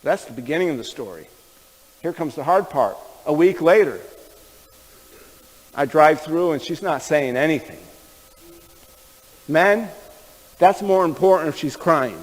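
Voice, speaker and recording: A man's voice: on the high side, animated, a little slow, long pauses. Guy pastor telling a sermon story, chatty and folksy, echoey church hall. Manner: folksy, conversational, addresses the men in the room.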